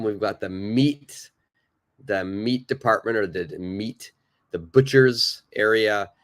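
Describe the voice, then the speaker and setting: Slow, low-voiced man teaching English live. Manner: relaxed, chatty, many uh fillers, reads from chat. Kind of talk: live online lesson.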